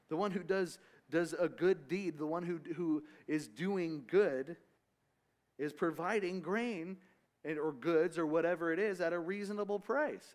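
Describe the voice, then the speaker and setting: A man leading a Bible study, teaching in a loose, conversational way with asides and restarts. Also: on the high side. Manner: casual, rambling with restarts and asides.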